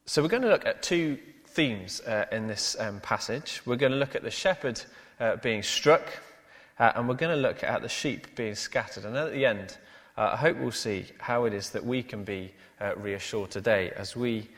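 A man's voice: fairly low pitch, normal speed, a bit bright. Male pastor preaching in a reverberant hall. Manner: frequent "uh" fillers, rhetorical tag questions. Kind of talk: sermon.

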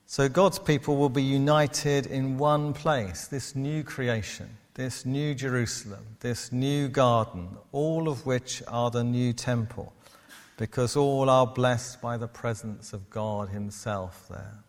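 Guy preaching, steady sermon voice, echo hanging in a big church. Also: mid-range voice. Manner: measured, preaching to a congregation. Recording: long hall reverb.

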